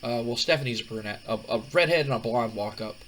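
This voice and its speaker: A man hosts a casual gaming video, recapping wrestling-sim results in a loose, rambling way with lots of restarts. His voice is mid-pitched and ordinary, and a faint background hiss sits under it. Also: quick pace, a bit bright, poor audio. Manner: rambling, many fillers and restarts. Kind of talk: casual game commentary.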